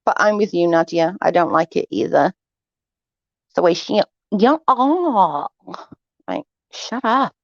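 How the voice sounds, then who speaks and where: A woman's voice: fairly low pitch, animated, measured pace, dry recording, dull audio. A woman hosting a casual livestream, reading viewer chat and giving blunt, sarcastic, gossipy opinions.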